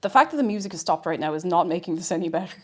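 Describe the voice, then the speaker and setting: A woman's voice: on the low side, lively intonation, rapid-fire. A young woman, chatting casually on a live stream and gushing over a cute figurine. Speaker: livestreamer. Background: faint game music.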